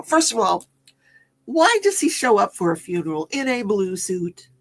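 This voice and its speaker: A woman's voice: mid-range voice, sing-song, unhurried, long pauses, slightly rough. A chatty, giggly woman hosting a casual livestream, reading out viewer comments and reacting to them. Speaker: livestream host. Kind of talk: casual live-stream chat.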